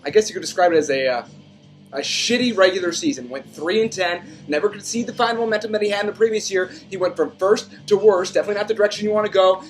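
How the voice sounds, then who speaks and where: A young man hosting a comedic sports recap, deadpan and mock-serious, self-deprecating, with lots of ums and uhs. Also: sits high. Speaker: host.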